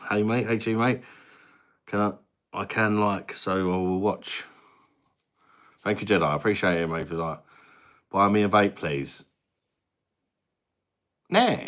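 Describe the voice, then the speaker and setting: Deep-voiced bloke chatting on a livestream. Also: male voice, a bit bright. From England. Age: 30s. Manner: chatty, matey, reads viewer names aloud. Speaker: livestream host. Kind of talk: casual live-stream chat reading comments. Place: at his mum's house, indoors.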